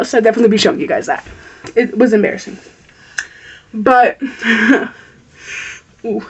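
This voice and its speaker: A woman's voice: a little high, recorded from a distance. Blunt, heated young woman telling a story. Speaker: vlogger. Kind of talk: storytime vlog.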